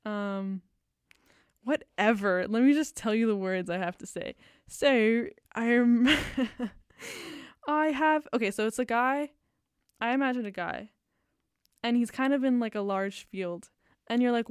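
A giggly, rambling woman hosting a radio show, talking loosely and a bit self-consciously. Her voice is fairly high, and the studio sound is close and dry. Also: unhurried, clear, resonant tone, no echo. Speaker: radio host. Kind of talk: casual radio chat. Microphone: fixed studio mic.

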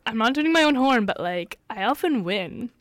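A young woman co-hosting a casual chat podcast, soft-spoken and full of filler likes. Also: a little high, lively intonation, moderate pace, no echo, studio quality. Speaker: podcast co-host.

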